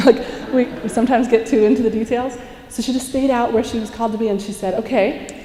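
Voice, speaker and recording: A woman's voice: a little high, a little fast. A young woman giving an inspirational talk at a conference, telling stories with acted-out quotes and frequent laughter. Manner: animated storytelling, acts out quotes, laughs often. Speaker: conference speaker. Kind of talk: inspirational talk to a live audience. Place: large conference hall. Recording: echoey hall, heard from a distance.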